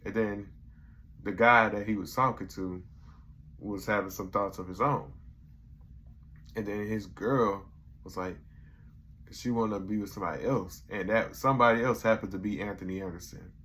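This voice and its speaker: A man's voice: lowish voice, fairly even intonation, normal speed, pauses often, fairly bright tone, a little hiss or hum. Slangy young man reviewing a comedy show. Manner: loose slangy retelling, acts out quotes. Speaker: YouTube reviewer. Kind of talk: casual video review.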